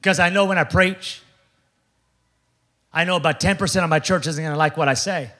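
High-voiced animated man preaching. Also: a little fast. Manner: animated, jokey, acts out voices of others. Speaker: pastor. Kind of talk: sermon. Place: large church before a congregation.

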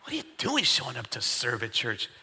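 A man acting out a sneering male tempter who mocks the faithful with rapid-fire taunting questions. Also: mid-range voice, huge pitch swings, bright, forceful tone, a faint crowd, a little hiss or hum, voice pushed down, heavily acted. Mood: mocking.

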